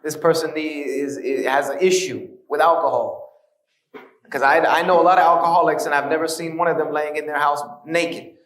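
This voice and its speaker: A man with a slightly high voice tells his story to a hall, earnest and now and then wry. The sound is roomy, and he stands some way from the microphone. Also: fairly even intonation, moderate pace, a bit bright, recorded from a distance. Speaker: speaker giving a lecture on his conversion. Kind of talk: conversational lecture.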